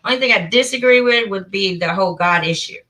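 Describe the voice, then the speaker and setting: A woman's voice: mid-range voice, quick pace, bright, forceful tone, low-quality recording. A woman hosting a casual livestream chat, effusive and laughing often. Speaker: host.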